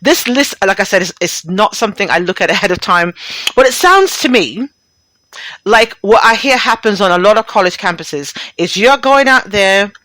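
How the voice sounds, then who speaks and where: A woman's voice: mid-range voice, expressive, moderate pace, fairly bright tone, dry recording. A middle-aged woman hosting a talk radio show, chatting bluntly and profanely and laughing often as she reads and riffs.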